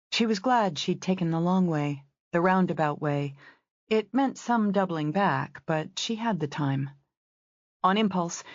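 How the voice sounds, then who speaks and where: A woman narrating a romance novel as an audiobook in a steady, descriptive reading. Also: fairly low pitch, no room sound, highs cut off.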